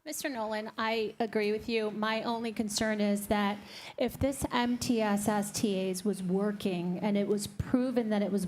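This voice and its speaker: A woman with a mid-range voice raises a measured question at a school board meeting. She lays out her concern calmly and asks why. Faint room noise can be heard behind her. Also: medium pitch. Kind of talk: public meeting debate.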